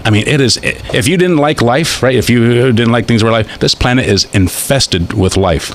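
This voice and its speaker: A man's voice: medium pitch, normal speed. Man, radio host, rambling casual talk, stumbling news reading, faint background hiss.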